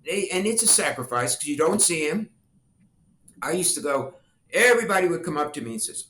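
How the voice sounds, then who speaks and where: This older former congressman speaks a little high and fairly quickly in an echoey room. In this storytelling interview he recounts family tales, laughs, and puts on the voices of the people in them.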